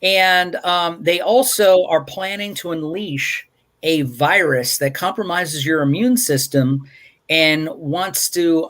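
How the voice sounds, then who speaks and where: A man's voice: fairly high pitch, a bit bright. Rambling wry man hosting a review. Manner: rambling and wry, with frequent fillers and restarts. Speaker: movie review show host. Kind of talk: casual live-stream movie review chat. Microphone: video call.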